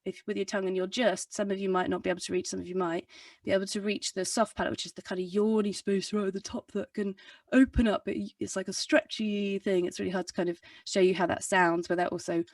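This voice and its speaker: A woman's voice: mid-range voice, flat delivery, fast talker, darkish tone, no room sound. A young woman who sings and coaches voice, talking over a video call in a loose, rambling way full of "um" and restarts. Her voice sits in an ordinary middle register. It sounds a little distant from the microphone, with a dry, unroomy sound. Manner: rambling, chatty, full of fillers and self-corrections. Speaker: singer and vocal coach. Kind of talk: casual explanatory talk in a video interview.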